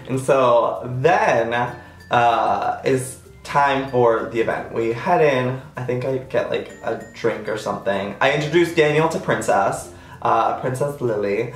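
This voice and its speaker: A man's voice: measured pace, soft background music. Chatty man telling a story, echoey. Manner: chatty, self-mocking, acts out quotes with jumps in pitch. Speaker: vlogger. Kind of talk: casual storytime.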